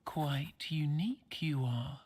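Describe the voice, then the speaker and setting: An ancient whispering crone. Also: female voice, low voice, mellow, full character voice. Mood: mysterious. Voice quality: husky whisper. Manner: slow, cryptic, teasing. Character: ancient tiny pale crone, mysterious and playful. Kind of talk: voiced game character.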